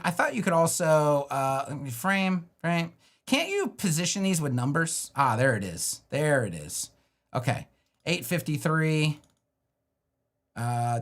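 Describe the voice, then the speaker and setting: Brief: middle-aged male web design streamer, high voice, animated and sarcastic, casual and a bit profane. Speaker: web design educator on a livestream. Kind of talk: casual livestream teaching with a screen demo.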